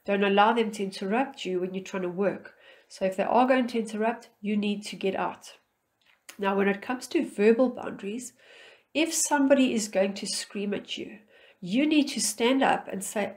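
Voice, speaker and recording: Calm, firm middle-aged woman coach. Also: medium pitch, normal speed. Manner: firm, calm, instructive, acting out short dialogues. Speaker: relationship coach. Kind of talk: advice talk to camera.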